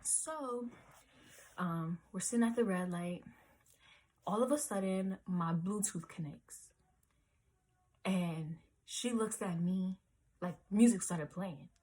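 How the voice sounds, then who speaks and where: A woman's voice: lowish voice, takes it slowly, long pauses, mellow. A woman in her twenties telling a rambling storytime vlog story, full of "like" and "um", sometimes dropping to a whisper. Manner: rambling, lots of "like" and "um", drops to whispers. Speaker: vlogger.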